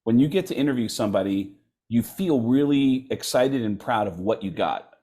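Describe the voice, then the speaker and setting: A middle-aged male comedian spinning anecdotes in a relaxed interview. He talks with a lively bounce and jumps into quick impressions of the people he meets. His voice sits at an average pitch. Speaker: comedian guest. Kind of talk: animated storytelling in an interview.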